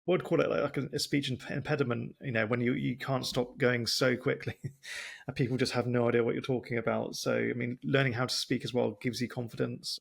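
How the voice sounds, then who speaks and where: A man with an Oxford English accent hosting a podcast interview, speaking deliberately and carefully as he tries to keep a slow, clear pace. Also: mid-range voice, level tone. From England. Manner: deliberate, careful pacing, works to speak slowly. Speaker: podcast host. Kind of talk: casual interview chat.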